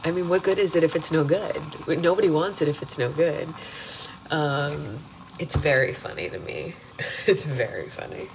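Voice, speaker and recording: A woman's voice: deep voice, lively intonation, moderate pace, creaky, a little hiss or hum. A woman hosting a casual book club livestream from her home, chatting and laughing with lots of "like" fillers. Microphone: phone livestream.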